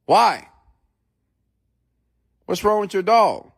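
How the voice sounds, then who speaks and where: A man's voice: sits high, animated, drawn-out words, pitched above the performer's own voice, heavily acted. A man voicing a curious little boy. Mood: pleading. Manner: pleading, questioning.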